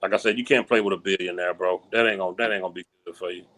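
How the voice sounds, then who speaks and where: A man's voice: low voice, steady tone, rapid-fire, fairly bright tone. A man hosting casual sports talk, laid-back and slangy, often repeating his points.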